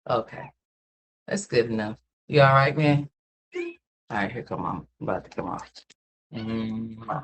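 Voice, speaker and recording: Rambling mom chatting on a livestream. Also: female voice, extremely low pitch, unhurried, pauses often, a little hiss or hum. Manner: rambling, repetitive storytelling with restarts; addresses viewers as y'all and honey. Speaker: livestream host and mother. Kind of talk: casual livestream chat.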